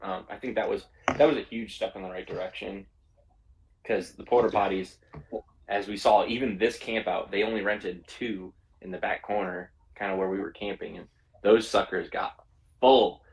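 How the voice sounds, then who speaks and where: A man's voice: fairly low pitch, fairly even intonation, normal speed, gravelly, slight background noise, low-quality recording. A man co-hosting a podcast, talking in a rambling, hesitant way with many fillers. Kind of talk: casual chat.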